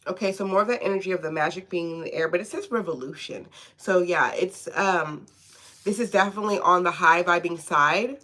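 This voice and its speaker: A woman's voice: lowish voice, a little fast, fairly bright tone. A woman giving a casual live tarot reading from home, chatty and often checking in with "okay?". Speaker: tarot reader.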